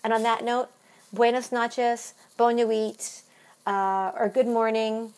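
A woman's voice: on the high side, flat delivery, slow, darkish tone, clean tone. Upbeat woman vlogger. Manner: earnest, upbeat sign-off. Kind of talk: casual comedic monologue.

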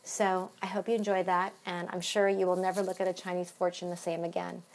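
A woman's voice: on the low side, flat delivery, brisk. Upbeat woman vlogger. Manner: earnest, upbeat sign-off. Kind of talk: casual comedic monologue.

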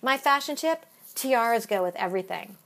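A woman's voice: on the high side, lively intonation, normal speed, creaky, fairly bright tone. A woman voicing a bubbly, dramatic Los Angeles valley girl who gushes and says oh my God and dude. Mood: gushing.

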